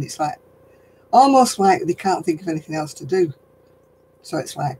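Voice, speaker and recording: A man's voice: sits high, expressive, a little slow, pauses often, warm tone, a little hiss or hum, low-quality recording. An older man hosting a casual livestream chat, talking in a rambling, chatty way and laughing often. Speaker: host.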